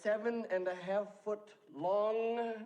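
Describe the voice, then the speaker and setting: An actor playing an excitable young male mad scientist in a film, given to frantic shouting. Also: high voice, slow pace, dull audio. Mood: incredulous. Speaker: doctor. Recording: film audio with background noise.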